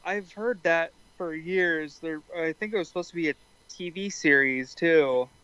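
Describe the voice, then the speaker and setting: A man's voice: on the high side, moderate pace, pushed and bright, smooth, lo-fi sound. A man co-hosting a podcast, chatting casually and enthusiastically about films. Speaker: podcast co-host.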